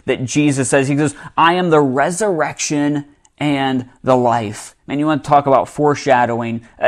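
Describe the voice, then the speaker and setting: A man preaching a sermon in a conversational way, reading scripture and dropping to a hushed voice for emphasis. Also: mid-range voice. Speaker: pastor.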